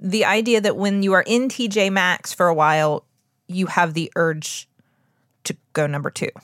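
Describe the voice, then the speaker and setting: A woman's voice: fairly low pitch, fairly even intonation, normal speed, a bit bright, no echo, studio quality. A woman co-hosting a podcast, telling a story in a chatty, laughing way with plenty of fillers. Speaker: podcast co-host. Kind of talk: casual podcast chat.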